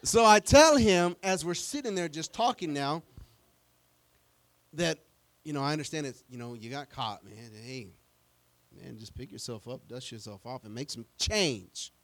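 A middle-aged man preaching a sermon as pastor, talking plainly and conversationally, with stammered restarts and bursts of animated, acted-out quotes. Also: on the high side, a little slow.

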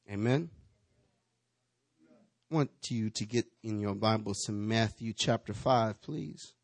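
A pastor preaching a sermon, calling on the congregation to answer him, moving from hushed asides to rousing calls. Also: male voice, medium pitch, dry recording. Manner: preachy call-and-response, shifting from hushed to rousing.

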